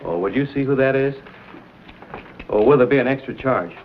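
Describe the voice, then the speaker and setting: An actor playing a bold frontier adventurer with a wry, plainspoken way of talking, in a 1950s TV western drama. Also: male voice, medium pitch, animated, normal speed, lightly acted. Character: bold frontier adventurer hero, dry wit. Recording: dull old TV soundtrack with faint hiss.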